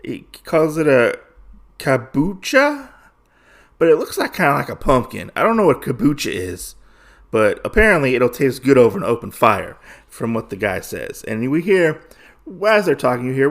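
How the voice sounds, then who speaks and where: A man's voice: mid-range voice, big pitch swings. A man hosting a podcast, recapping a comic book in a casual, rambling way, full of fillers and restarts. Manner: acts out characters' lines in quick voices. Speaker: podcast host.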